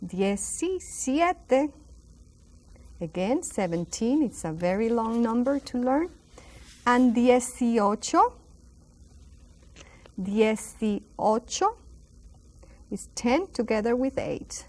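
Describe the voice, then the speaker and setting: A woman's voice: on the high side, expressive, measured pace, warm tone. A woman teaching numbers, modeling each word with patient, exaggerated pronunciation. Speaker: Spanish teacher. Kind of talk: instructional lesson.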